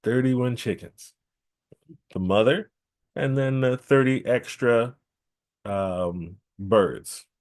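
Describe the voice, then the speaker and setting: A man telling a traditional story at a temple gathering, lively, repeating key phrases for emphasis. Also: medium pitch, slow pace, long pauses. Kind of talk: oral storytelling.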